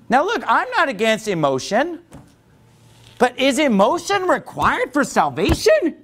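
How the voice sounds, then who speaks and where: A man preaching a sermon as pastor, animated, acting out quoted voices and often restarting. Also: very high voice, measured pace. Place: church.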